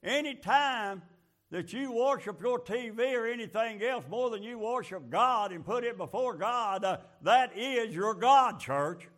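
A man's voice: high-pitched, lively intonation, a little slow, fairly bright tone. A man preaching a fervent, folksy sermon full of rhetorical questions.

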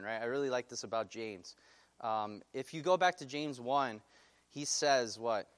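A male pastor with a fairly high voice preaches a sermon, animated and putting questions to his congregation.

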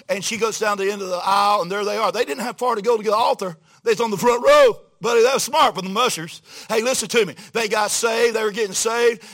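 A man preaching a storytelling sermon to a church congregation, folksy and animated, going from hushed quoted asides to loud exclamations. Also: sits high.

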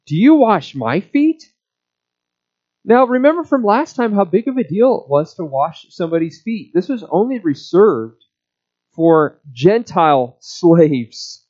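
Male pastor, unhurried expository sermon, dull lo-fi recording. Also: sits high, a little mellow. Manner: slow, measured expository preaching.

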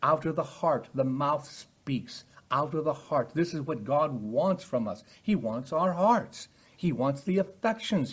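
An older man delivers Bible teaching in a sermon style. His voice is husky, and his delivery is earnest, shifting between calm explanation and loud, pressing emphasis. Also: fairly high pitch.

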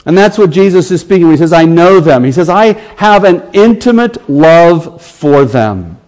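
A man's voice: a little high, expressive, darkish tone, rough recording. Earnest American man preaching a sermon. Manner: earnest preaching, slows right down on quoted scripture. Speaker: pastor.

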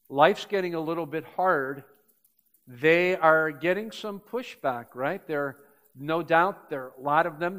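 High-voiced older male pastor preaching. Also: fairly bright tone. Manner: storytelling, building to emphatic points. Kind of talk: sermon.

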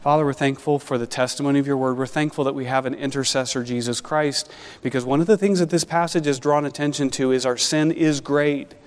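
A man preaching an expository sermon as pastor, animated and conversational with wry asides. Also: mid-range voice, fairly quick, clear, resonant tone, long reverb tail.

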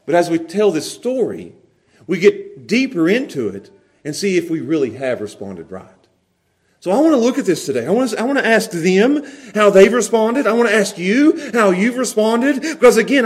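A man preaching a sermon, animated, laughing often and repeating words as he goes. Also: sits high, normal speed. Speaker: pastor.

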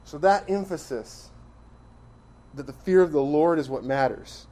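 A man's voice: a little high, a little slow. Emphatic preaching man. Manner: emphatic, rhetorical questions, swings from loud to quiet. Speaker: pastor. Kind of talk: sermon.

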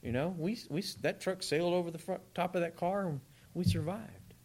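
A man preaching a sermon in a conversational, animated way, with asides to his congregation. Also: sits high, brisk.

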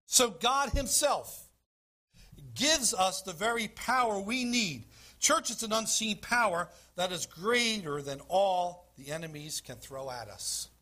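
A man preaching a sermon, reading scripture and explaining it with emphasis, clearing his throat now and then. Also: high voice, expressive, unhurried, sharp tone. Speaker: pastor.

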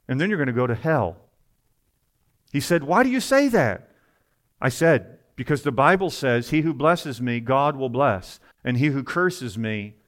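A man preaching a sermon to a congregation, at times rising to loud, fervent emphasis, with quick asides. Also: mid-range voice.

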